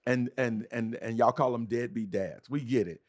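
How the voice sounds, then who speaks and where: A man's voice: mid-range voice, moderate pace, a little mellow. A man hosting a podcast, talking in a fervent, preacher-like cadence with repeated starts. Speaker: podcast host. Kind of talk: passionate conversational commentary.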